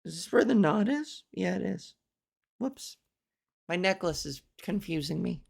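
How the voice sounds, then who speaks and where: A woman's voice: fairly low pitch, expressive, measured pace, gravelly, a little mellow, slightly rough. A woman comedian hosting her own podcast, rambling in a profane, self-mocking casual chat. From Canada.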